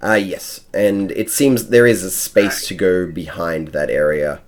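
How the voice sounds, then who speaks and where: Man, game master, very deep voice, halting, lots of fillers. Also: steady tone. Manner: hesitant, many fillers. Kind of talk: running a tabletop game.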